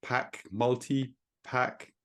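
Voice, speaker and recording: A man co-hosting a casual podcast, cracking quick, dry jokes. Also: mid-range voice, little pitch movement, a bit bright, clean tone. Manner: quick dry quips, jokey. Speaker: podcast co-host. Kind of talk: casual chat.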